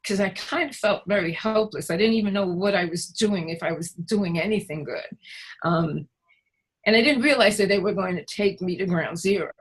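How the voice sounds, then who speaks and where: Woman, recovery worker, hesitant, pauses often, personal recollection. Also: medium pitch, husky, low-quality recording. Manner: hesitant, many pauses and fillers. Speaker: recovery worker recounting her experience. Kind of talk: personal storytelling in a conversation.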